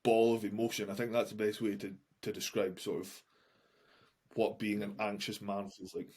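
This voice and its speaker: A man's voice: lowish voice, flat delivery, moderate pace, darkish tone, slightly rough. A man who works as a coach, a guest on a podcast, talks openly about his anxiety. He speaks frankly, swears freely and often restarts his sentences. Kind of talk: candid podcast conversation.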